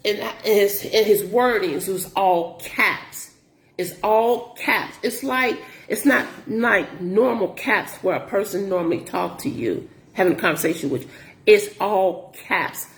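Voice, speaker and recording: A middle-aged woman with a medium-pitched voice vents about rude customers in a casual vlog about her work as a grocery delivery shopper. She repeats herself in an animated, exasperated retelling. The recording is reverberant.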